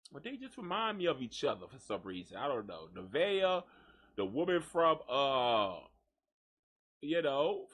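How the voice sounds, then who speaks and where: A man hosting a live gossip show, joking and cursing in an animated, mocking way. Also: on the high side. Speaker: host. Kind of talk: live gossip radio talk.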